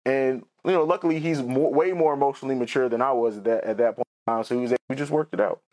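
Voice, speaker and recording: A man in his thirties telling a painful family story on his own podcast. He speaks at a middle pitch, candid and rambling, often circling back and restarting, and his voice is close to tears. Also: quick pace, darkish tone. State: tearful. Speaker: podcast host. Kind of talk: personal storytelling.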